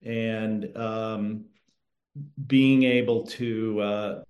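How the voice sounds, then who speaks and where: A man, a guest author, answering an interview question in an earnest, halting way over a remote call. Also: on the low side, fairly even intonation, darkish tone. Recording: echoey room.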